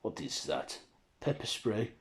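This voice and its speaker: A man voicing an old, proud vampire count with a Romanian accent, speaking slowly, formal and aloof. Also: on the low side, sing-song. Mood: coaxing.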